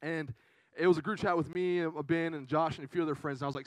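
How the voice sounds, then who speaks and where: Lively young man preaching a youth sermon. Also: a little high, fast, no echo, poor audio. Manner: animated, chatty, lots of "right?". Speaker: youth pastor. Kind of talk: casual storytelling sermon.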